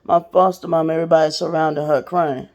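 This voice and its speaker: A woman hosting a podcast tells a personal story straight to her listeners, candid, casual, and profane. Her low voice holds a steady tone, moves a little fast, and sounds darkish, with the highs cut off.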